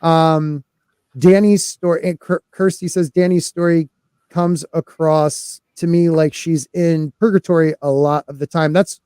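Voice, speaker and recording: A man's voice: a little high, steady tone, a little slow, warm tone, clean tone, no room sound, studio quality. A man hosting a casual podcast chat, loose and talkative, greeting live chat viewers as he goes. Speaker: podcast host.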